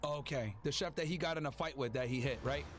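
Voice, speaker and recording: A man hosting a casual live-stream discussion, talking quickly, thinking aloud and checking facts with his guest. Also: mid-range voice. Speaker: host. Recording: loud game music behind.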